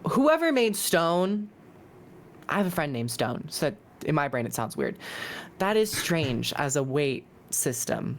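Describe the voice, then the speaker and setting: A woman with a notably low voice, joking and teasing through a casual podcast conversation. Her banter stays playful, with a faint hiss behind her. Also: very animated, unhurried. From United States. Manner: jokey, playful. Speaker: podcast guest.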